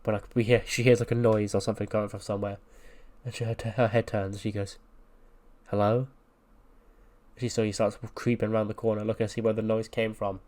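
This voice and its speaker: A man's voice: on the low side, level tone, fast talker, darkish tone. A man who is ill, casually recapping storylines from a wrestling simulation game in a filler-heavy way. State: ill, sounds under the weather. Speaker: game commentator.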